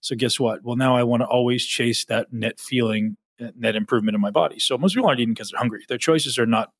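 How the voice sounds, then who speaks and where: A man's voice: mid-range voice, quick pace, no echo. A man talking as a podcast guest, intense and emphatic, swearing freely. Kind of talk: podcast conversation.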